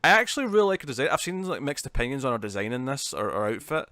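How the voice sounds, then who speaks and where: A man in casual podcast chat, mid-pitched and easygoing. He rambles through his points with fillers and false starts. The sound is dry, with no room around it. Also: rapid-fire, no room sound. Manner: relaxed, rambling with frequent fillers and restarts. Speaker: podcast co-host.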